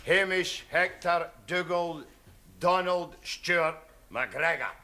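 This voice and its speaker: An actor playing a cheerful, cocky Scottish student in a 1970s studio sitcom, speaking broad dialect with a Scottish accent. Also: male voice, on the high side, takes it slowly, very noisy. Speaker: Scottish student in an English class.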